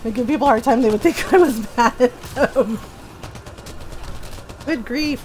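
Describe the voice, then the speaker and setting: A woman's voice: fairly high pitch, normal speed, long pauses, darkish tone, a little hiss or hum, low-quality recording. A woman in her forties chatting casually while streaming a game, telling stories with frequent giggles. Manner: giggly storytelling. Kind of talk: casual gameplay chat.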